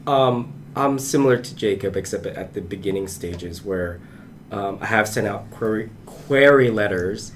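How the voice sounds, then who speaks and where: A man's voice: lowish voice, moderate pace, a little hiss or hum. A man, an aspiring novelist, talking casually in a panel discussion with many restarts and fillers. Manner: rambling, frequent restarts and fillers.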